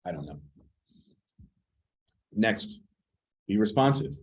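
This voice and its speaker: A man's voice: on the low side, big pitch swings, slow, rough recording. A man giving a casual real estate training talk, blunt and sometimes swearing as he picks apart advice. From United States.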